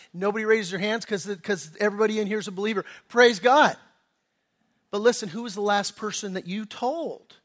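High-voiced pastor preaching with passion. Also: male voice. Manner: impassioned preaching, building from hushed to shouting; casual, slangy asides. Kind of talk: sermon.

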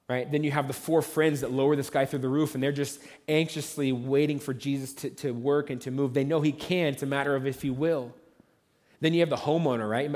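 A man's voice: medium pitch, darkish tone, in a large hall. A man preaching a sermon as pastor, telling the story conversationally and acting out the voices of the onlookers.

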